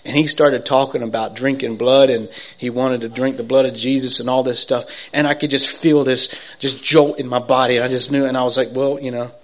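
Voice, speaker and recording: A man giving an earnest personal faith testimony, rambling with restarts and asides to listeners, swinging between hushed near-whispers and excited loud bursts. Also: medium pitch, a little fast, few pauses, slight background noise.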